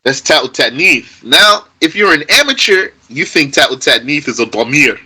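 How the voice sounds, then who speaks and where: A man's voice: a little high, sing-song, normal speed, bright, forceful tone, slightly rough, low-quality recording. A man teaching an Arabic grammar lesson to a class, patient and repetitive, stressing key points emphatically.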